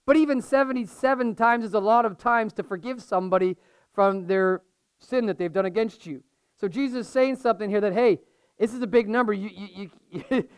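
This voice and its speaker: A male pastor giving a sermon, reading scripture and explaining it in a conversational, animated way with humorous asides. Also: high voice, clean tone, no room sound.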